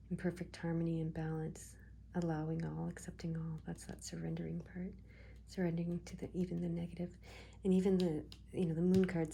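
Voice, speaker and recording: A woman giving a casual tarot reading, soft-spoken and reassuring, often slipping into a half-whisper as she muses over the cards. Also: fairly low pitch, creaky, slight background noise. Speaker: tarot reader.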